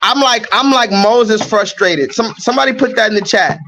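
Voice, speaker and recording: A man's voice: high voice, moderate pace, bright, forceful tone, slight background noise, rough recording. A man livestreaming from his phone outdoors, ranting in an agitated, repetitive way and swearing often. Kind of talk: ranting live stream monologue. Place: outdoors near a coffee shop. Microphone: phone held at arm's length.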